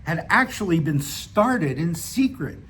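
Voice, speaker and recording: A man reads his own short story aloud in a relaxed, casual manner, now and then stumbling and restarting a phrase. His voice sits fairly high for a man. Faint noise runs underneath. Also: a little slow. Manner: relaxed reading with casual, self-deprecating asides and small restarts. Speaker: author reading his own stories. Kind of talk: audiobook narration of a short story.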